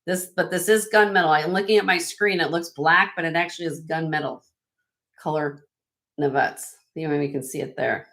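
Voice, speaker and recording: A woman's voice: deep voice, steady tone, moderate pace, a bit bright. A woman hosting a live online jewelry auction, chatting upbeat with viewers and laughing often. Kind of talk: live-stream auction chat.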